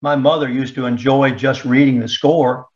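A man's voice: medium pitch, fairly even intonation, normal speed, a little mellow, dull audio, close to an everyday voice. A man playing a weary wounded lieutenant. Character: wounded young army lieutenant, weary, gentle.

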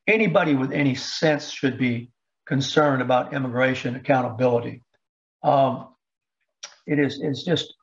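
A man giving political commentary, halting with fillers and restarts, pushing rhetorical questions up in pitch. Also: vocal fry, lo-fi sound. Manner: rhetorical questions with rising emphasis.

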